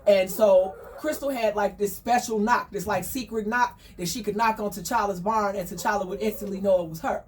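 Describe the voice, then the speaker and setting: A woman telling a story in a chatty, slangy, gossipy way, full of animated asides. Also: medium pitch, moderate pace, hardly any pauses, far from the mic, slight background noise.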